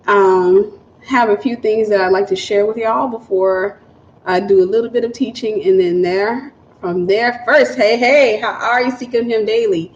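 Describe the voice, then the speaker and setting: A woman with a Southern accent hosting a casual home livestream, talking fast and greeting viewers by name before teaching. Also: mid-range voice, steady tone, slight background noise. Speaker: ministry livestream host. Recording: roomy, muffled home livestream audio.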